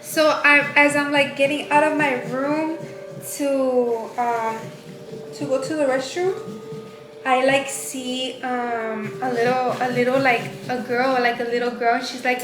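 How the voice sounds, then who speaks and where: Young female co-host, high voice, halting casual storyteller, echoey noisy room. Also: fairly even intonation. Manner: halting, many fillers and restarts. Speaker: vlog co-host. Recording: echoey room with clear background noise.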